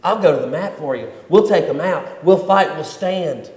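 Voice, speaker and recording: A man voicing an eager, brash male disciple who protests in loud, slangy bursts, recorded in an echoey church hall. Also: a little high, normal speed, close to an everyday voice. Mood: protesting.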